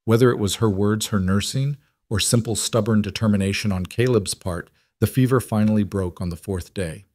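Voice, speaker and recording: A man narrating a scripted frontier story in a steady, measured way. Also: lowish voice, no room sound, clean studio sound.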